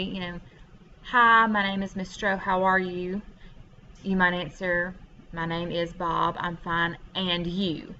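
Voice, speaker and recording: A woman's voice: mid-range voice, sharp tone, muffled recording, a little hiss or hum. A woman teaching French vocabulary from home, explaining patiently step by step with frequent ums. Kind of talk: recorded classroom lesson over a screen share.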